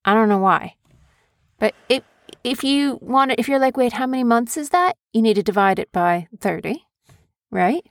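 A woman's voice: on the high side, lively intonation, moderate pace, no room sound, clean studio sound. A woman in her thirties hosting a casual family vlog, chatty and teasing. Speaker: vlog host and author.

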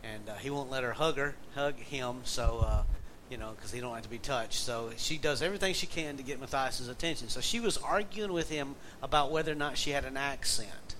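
A man's voice: mid-range voice, brisk, sharp tone, rough recording. A middle-aged man with a Southern accent preaching a conversational sermon, telling a folksy family story and reading scripture aloud. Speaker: pastor. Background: faint air conditioner hum.

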